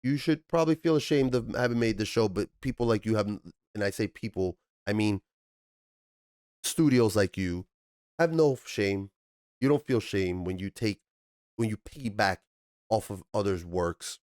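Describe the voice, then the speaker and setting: A man's voice: moderate pace, no echo. Man ranting about TV, dry close sound. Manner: animated, profane, swings up into high exasperated bursts. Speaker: TV review channel host. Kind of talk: ranting TV review commentary.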